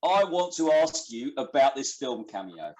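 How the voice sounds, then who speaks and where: A man's voice: medium pitch, big pitch swings, measured pace, a little mellow, poor audio. A man hosting a podcast interview, asking eager questions that tumble over each other. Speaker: podcast host. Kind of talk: casual interview.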